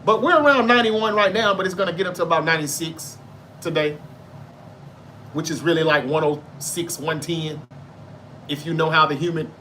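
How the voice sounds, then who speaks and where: Southern US male host, slightly high, punchy bright tone, casual and profane, talks straight to chat. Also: normal speed, long pauses, a little hiss or hum. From Memphis, Tennessee. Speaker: livestream show host. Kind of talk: casual chat reading viewer comments.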